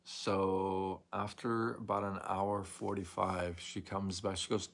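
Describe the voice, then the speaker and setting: A man hosting a live show, telling a long story in a casual, animated way and acting out both sides of a phone call. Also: low voice, a little slow, vocal fry. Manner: animated, retells a frustrating phone call with many quoted exchanges.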